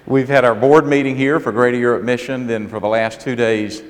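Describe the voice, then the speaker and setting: A man's voice: mid-range voice, fairly even intonation, fairly quick. A middle-aged man from South Carolina with a Southern accent, speaking as a guest preacher with earnest, folksy storytelling in a church. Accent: Southern American. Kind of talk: sermon. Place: church sanctuary. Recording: long hall reverb.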